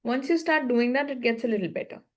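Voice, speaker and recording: A woman's voice: on the high side, fast talker. A woman coaching a learner one-on-one, explaining patiently in short, repeated phrases. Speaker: English speaking coach.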